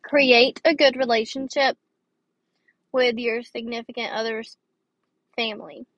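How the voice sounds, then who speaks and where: A woman's voice: on the high side, fairly even intonation, a little slow, a bit bright, dull audio. A young woman hosting a casual advice podcast, rambling and tired with a dry throat. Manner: chatty, rambling, with fillers and restarts. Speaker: podcast host.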